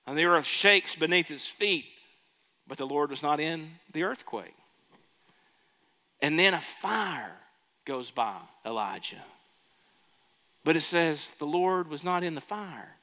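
A pastor's sermon unfolds as storytelling, with questions directed at the congregation in the church sanctuary. His voice is on the high side, animated and sharp, moving at a slow pace with long pauses, all under long church reverb.

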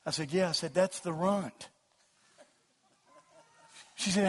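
A middle-aged man preaching a sermon, rising into loud shouted passages and then telling joking stories about his family and dog. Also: high voice, takes it slowly, long pauses, slight background noise. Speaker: pastor. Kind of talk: sermon with humorous storytelling.

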